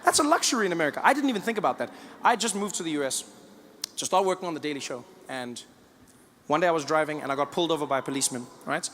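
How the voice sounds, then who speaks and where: A man from South Africa with a South African accent, doing stand-up with animated storytelling. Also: fairly high pitch, racing, in a large hall, a little hiss or hum. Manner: animated storytelling, acting out scenes. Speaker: stand-up comedian. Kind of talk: stand-up comedy. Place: comedy stage before an audience.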